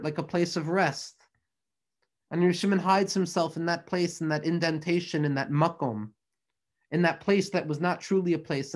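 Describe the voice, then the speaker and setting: Fervent male Torah teacher, rhythmic lists. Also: fairly high pitch. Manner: rhythmic, repeating phrases in building lists. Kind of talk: impassioned Torah lecture.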